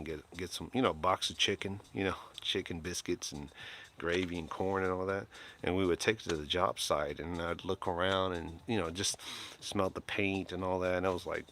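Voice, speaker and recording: A man's voice: deep voice, bright, forceful tone, a little hiss or hum. An older man casually chatting to his viewers, rambling and heartfelt with lots of fillers and restarts. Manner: emotional, kind-hearted. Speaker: live streamer.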